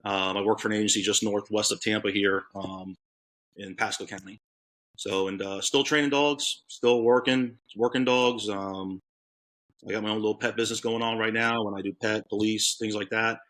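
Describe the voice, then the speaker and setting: Low-voiced rambling man from Florida. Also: flat delivery, moderate pace, a bit bright. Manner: rambling, many fillers and restarts. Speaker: podcast guest, K9 handler. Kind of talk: casual storytelling chat.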